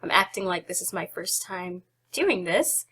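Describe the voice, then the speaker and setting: A young woman hosts a casual software tutorial in a bright, clear voice. She stays chatty and giggly and pokes fun at herself between steps. She sounds slightly out of breath. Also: fairly low pitch, animated, a little slow. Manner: chatty, giggly, self-deprecating asides. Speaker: photography tutorial host.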